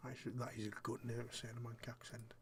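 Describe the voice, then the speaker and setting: A young man talks his way through a game session in a loose, chatty manner, tossing out jokes and half-muttered remarks to himself. His voice sits at an ordinary middle pitch for a man. A faint hiss runs underneath. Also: monotone, racing. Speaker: gaming YouTuber. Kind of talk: casual gameplay commentary.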